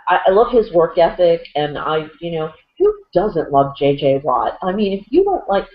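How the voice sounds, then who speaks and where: Female co-host, casual sports banter, rambling, lower register. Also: sing-song, normal speed. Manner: chatty, rambling, lots of fillers and restarts. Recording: dull lo-fi audio.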